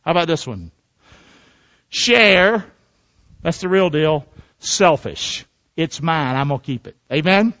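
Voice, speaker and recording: High-voiced male pastor, lo-fi sermon. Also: animated, slow pace, long pauses, sharp tone. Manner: call-and-response preaching with frequent "amen?".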